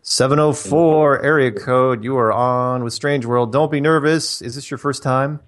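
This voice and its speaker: An emphatic man hosting a call-in talk show. He hammers his points home by repeating them, in a plain mid-pitched voice. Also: unhurried. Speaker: radio show host.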